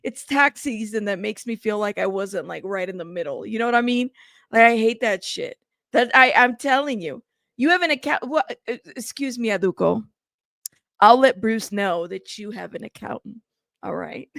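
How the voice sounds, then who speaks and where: Uma mulher apresentando uma live casual, conversando com o chat de forma tagarela, recomeçando frases, cansada e frustrada. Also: female voice, mid-range voice, moderate pace, gravelly, fairly bright tone, dry recording, clean studio sound. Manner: chatty, greets chat by name, rambling restarts. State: tired and frustrated. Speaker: livestream host.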